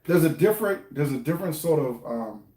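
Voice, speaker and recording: A middle-aged man with an African American English accent talks loosely to the camera, circling back over his points and tossing questions at his viewers. His voice sits a little high for a man, and the room around him rings with echo. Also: lively intonation, a little fast, warm tone. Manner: conversational, repeats himself, asks viewers questions. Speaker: finance vlogger. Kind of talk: casual to-camera talk. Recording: echoey room.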